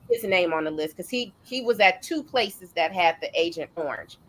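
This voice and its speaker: A middle-aged woman hosting a casual chat, telling family stories in a relaxed way with fillers and restarts. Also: fairly low pitch, moderate pace. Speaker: host.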